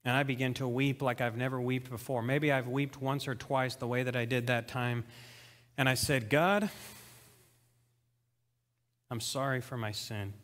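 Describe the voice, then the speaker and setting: A young man preaching a sermon, telling his conversion story with shifts between hushed and excited delivery. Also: medium pitch, normal speed, big-room sound. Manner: emotional storytelling, swings between soft and excited. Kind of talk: testimony sermon. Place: church hall.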